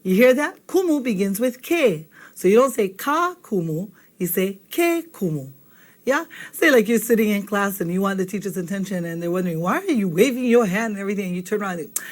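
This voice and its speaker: A woman's voice: mid-range voice, lively intonation, a little fast, a little mellow. A woman teaching a video language lesson, patient and checking in with listeners often. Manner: patient, checks in with frequent "okay?".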